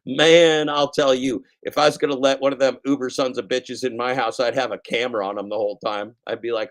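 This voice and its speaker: Brisk and with few pauses, a middle-aged man speaks at medium pitch as he hosts his podcast, riffing on the news in a crude, mocking, profane way. His voice is worn out from daily shows, and his throat sounds scratchy.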